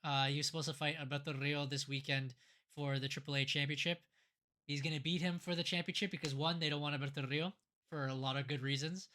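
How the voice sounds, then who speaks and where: Bright-voiced casual wrestling podcast host. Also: medium pitch, fairly even intonation, quick pace. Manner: rambling, with many fillers and restarts. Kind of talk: casual wrestling recap chat.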